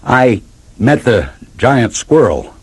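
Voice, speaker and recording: A man's voice: mid-range voice, big pitch swings, slow, slightly rough, voice pushed up, heavily acted. A man reading aloud and voicing a young male farm dog who is nervous but stubborn. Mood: earnest. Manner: raised, earnest storybook voice.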